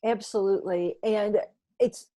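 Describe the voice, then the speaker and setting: A woman's voice: mid-range voice, fairly even intonation, a little slow, mellow. A woman career coach talking as a guest, earnest and encouraging. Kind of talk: interview conversation.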